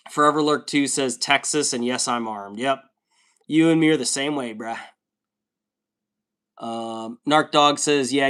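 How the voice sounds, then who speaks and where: A man's voice: medium pitch, a bit bright. Chatty man streaming, reading chat aloud. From United States. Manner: chatty, laid-back, joking, reads comments aloud. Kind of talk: casual livestream chat.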